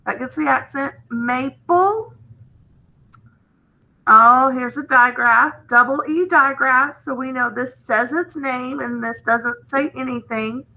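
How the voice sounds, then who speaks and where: A woman's voice: high voice, bright, forceful tone. A woman teaching a phonics lesson, explaining step by step and checking in with "okay?".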